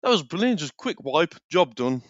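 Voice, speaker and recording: A man's voice: a little high, sing-song, moderate pace, no room sound, lo-fi sound. A man co-hosting a casual chat, grumbling in a jokey way. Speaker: co-host.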